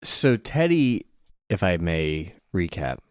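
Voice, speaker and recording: A man's voice: sits low, big pitch swings, slow pace, a little mellow, smooth, no echo, studio quality. A man co-hosting a podcast, joking around playfully and a little tipsy from drinking. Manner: giggly, playful banter. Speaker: podcast co-host. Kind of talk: casual tipsy chat.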